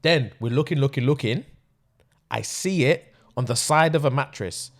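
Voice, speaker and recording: A man, hosting a podcast and telling an animated story, laughing often and acting out what others said. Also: medium pitch, normal speed. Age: 20s. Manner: excitable, laughing often, acts out quotes. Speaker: podcast host.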